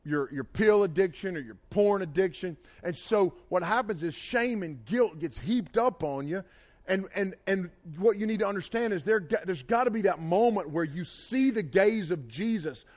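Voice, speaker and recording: A man preaching a sermon, folksy and emphatic, with plain down-home phrasing. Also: high-pitched. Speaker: pastor.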